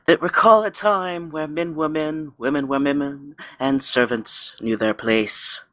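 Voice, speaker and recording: A man voicing a snooty, haughty wealthy gentleman with a vague foreign accent. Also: a little high, steady tone, dry recording. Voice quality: haughty, drawn-out. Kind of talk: improvised comedy role-play.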